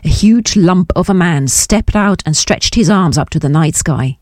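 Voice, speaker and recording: A woman narrating a novel in a measured, descriptive audiobook reading. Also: fairly low pitch, animated, a little mellow, no echo, clean studio sound. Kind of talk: scripted narration.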